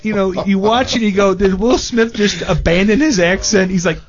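A man chatting as a film critic guest on a radio show, animated and mock-quoting people. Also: high-pitched, normal speed, highs cut off. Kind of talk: casual radio banter.

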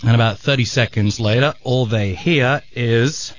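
A man on a radio show telling a joke on air, an animated storyteller who bursts into sound effects. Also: medium pitch, unhurried, very noisy. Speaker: radio show regular at the control board. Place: radio studio. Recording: dull lo-fi radio broadcast.

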